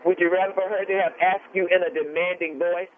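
A woman with a low voice calling in to a radio show, talking bluntly and repeating her points. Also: steady tone, a little fast, a loud crowd. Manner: blunt, emphatic, repeats herself. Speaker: caller. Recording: tinny phone line with faint hiss.

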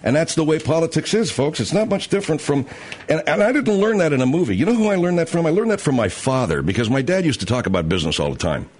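A man's voice: a little high, lively intonation, fast talker, darkish tone. A man hosting a talk show, ranting bluntly and profanely in a casual, opinionated way. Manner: blunt and profane, acts out others' voices. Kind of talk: opinionated talk radio rant.

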